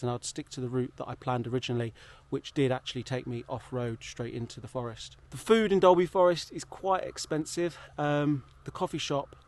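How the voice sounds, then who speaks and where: A man's voice: medium pitch, a little mellow. A man with a southern English accent chatting casually to camera while out cycling, upbeat with puffing breaths. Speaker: cycling vlogger. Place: outdoors, riding trails and roads.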